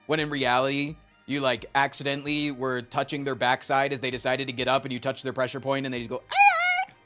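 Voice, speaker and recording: A man livestreaming in casual chat, telling stories with lots of swearing and reading out chat messages. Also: medium pitch. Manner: animated storytelling with frequent swearing; reads and answers chat messages.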